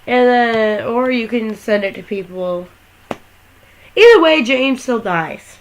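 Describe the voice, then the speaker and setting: A woman's voice: a little high, expressive, slow pace, poor audio. A young woman chatting casually and swearing freely as she walks through a game, talking from her bedroom while lying down. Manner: rambling, swearing, jokey. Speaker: gaming vlogger.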